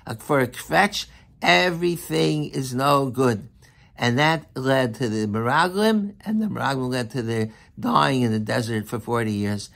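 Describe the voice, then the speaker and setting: A man giving a sermon as a rabbi, speaking in an animated, emphatic way and often repeating himself. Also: medium pitch, unhurried, creaky. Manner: animated, emphatic, with frequent repetition.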